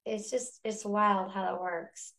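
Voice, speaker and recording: A woman telling a personal faith story as a podcast guest, in a casual, animated way, acting out the voices of people in her story. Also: medium pitch, takes it slowly, gravelly.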